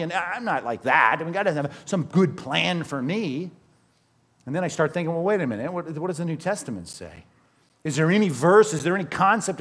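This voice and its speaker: A man, a pastor, preaching a sermon in a conversational way, asking the congregation questions and slowing down to stress scripture. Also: on the high side.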